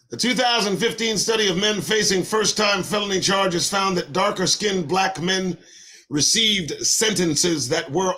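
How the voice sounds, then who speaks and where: A man's voice: fairly high pitch, a bit bright. A middle-aged man reading a report aloud and breaking off into fiery commentary, repeating key lines and firing pointed questions at his listeners.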